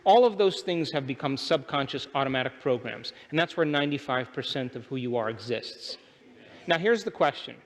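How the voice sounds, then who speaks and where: A man's voice: medium pitch, expressive, brisk. A man giving a motivational seminar lecture to a live audience, speaking emphatically and often asking the crowd questions. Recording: long hall reverb.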